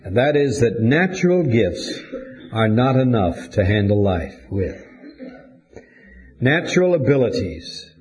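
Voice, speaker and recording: A man preaching a sermon to his congregation in a measured, deliberate way with pauses. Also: mid-range voice, a little mellow. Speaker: pastor.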